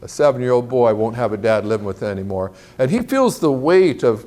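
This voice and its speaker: A man giving a sermon in a big church hall, speaking into a clip-on mic. He tells a long story and acts out the people in it, and his voice climbs high when he plays someone in a panic. His tone stays plain and mid-pitched when he narrates. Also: fairly quick. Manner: animated storyteller, acts out quotes in a higher voice. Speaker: guest speaker.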